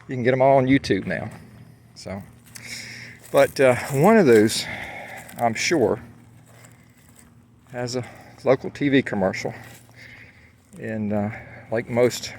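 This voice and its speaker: Low-voiced rambling man. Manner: rambling, many fillers and restarts. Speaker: vlogger. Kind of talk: casual walking monologue. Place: outdoors on a hike.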